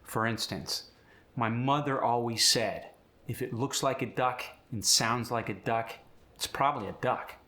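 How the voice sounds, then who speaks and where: This accent tutorial features a man who covers sound changes step by step and finishes with a sample sentence. He speaks in a slow, measured way, and his mid-range voice has a bright, forceful quality.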